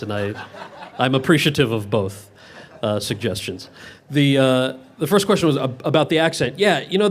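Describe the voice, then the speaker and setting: A man in his thirties, an actor answering audience questions in a relaxed Q&A, often restarting his sentences. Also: medium pitch. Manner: talks fast with many quick restarts. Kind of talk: casual Q&A answers.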